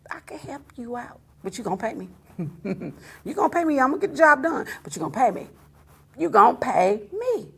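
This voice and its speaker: Lady hosting her own show, high voice, keeps cracking up while she roasts folks. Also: vocal fry, a little hiss or hum. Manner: laughing, teasing, animated. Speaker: talk show host. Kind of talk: casual on-air rant to viewers.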